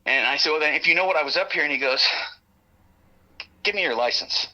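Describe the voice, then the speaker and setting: A man telling a story as a guest, lively and profane, laughing often and acting out what the others said. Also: fairly high pitch, brisk, highs cut off. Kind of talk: animated storytelling.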